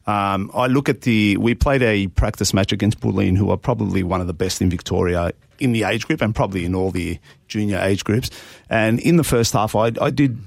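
An Australian man, a junior football coach, talks in a gravelly voice on a dry, close recording. He explains his approach earnestly with examples from matches, in an easygoing interview. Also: lowish voice, brisk, dry recording. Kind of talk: casual radio interview.

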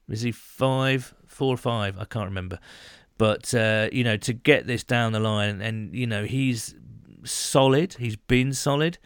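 Male podcast co-host, lowish pitch, dry close mic, loose and rambling delivery. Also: a bit bright, smooth, no echo. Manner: rambling, many fillers and restarts. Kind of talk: casual sports chat.

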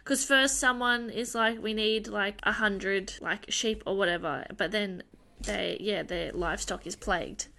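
A woman in a casual book discussion who chimes in with quick agreements and laughs easily. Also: mid-range voice, vocal fry, pushed and bright.

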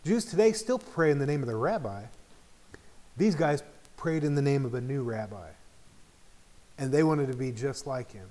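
A man's voice: mid-range voice, lively intonation, moderate pace, pauses often, dark tone. A middle-aged man teaching an informal Bible study in a conversational way, often checking in with the group.

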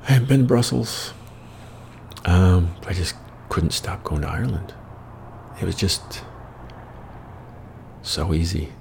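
A man's voice: low voice, lively intonation, measured pace, creaky, long pauses, darkish tone, slight background noise. An American man telling rambling, wry personal anecdotes with plenty of profanity in a casual storytelling style. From United States. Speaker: storyteller host.

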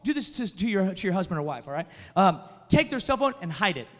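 A man preaching a sermon as pastor, telling a story and then building to loud, emphatic preaching. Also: high-pitched, big pitch swings, quick pace. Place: church sanctuary. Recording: long reverb of a large hall.

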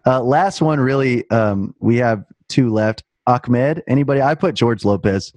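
A man's voice: medium pitch, a little slow, crowd noise. A man hosting a casual comedic podcast, reading reviews aloud with mock gravity and a wry manner. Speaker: podcast host.

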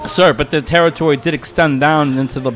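A man's voice: on the high side, fairly even intonation, fairly quick, crowd noise. A man hosting a podcast in casual chat, crude and joking, swearing a lot. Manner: crude, joking, heavy swearing, frequent laughs. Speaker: podcast host.

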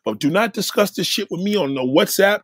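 Man, livestream host, lecturing rant, husky and dry, high pitched. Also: animated, fairly quick, dry recording. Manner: blunt, lecturing, swings between loud and low. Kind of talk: profane casual rant.

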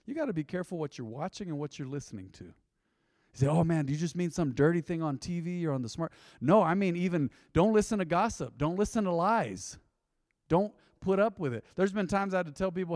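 A man's voice: a little high, animated, brisk, darkish tone, no room sound, studio quality, long reverb tail. A man preaching a sermon to a congregation in a folksy, conversational way, often slipping into quoted asides. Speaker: pastor. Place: church sanctuary.

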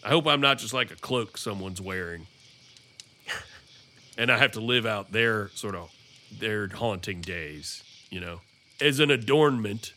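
Brief: man, co-host riffing in casual comic banter, halting and musing, bright voice. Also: fairly low pitch, expressive. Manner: musing, halting with many fillers. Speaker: podcast co-host.

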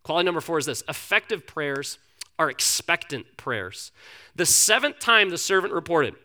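A man's voice: on the high side, very animated, normal speed, bright, forceful tone. A man preaching a sermon in a conversational, storytelling way. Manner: conversational storytelling, acts out characters.

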